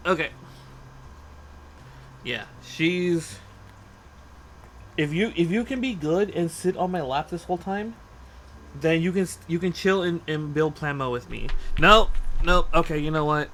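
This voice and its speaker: High-voiced man rambling to his cat. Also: measured pace, pauses often, a little hiss or hum. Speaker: streamer. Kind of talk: casual live-stream chat. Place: home desk.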